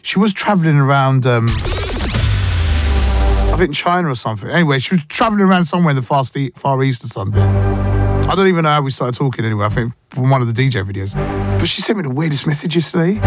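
A man's voice: a little high, lively intonation, fast talker. A young man, chatting casually as a radio host and telling stories in a slangy way. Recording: music bed behind voice.

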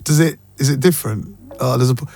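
A man with a London accent hosting a radio show, chatting casually and playfully, quick to laugh. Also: mid-range voice, gravelly, a little mellow. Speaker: radio host. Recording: dry studio with faint music.

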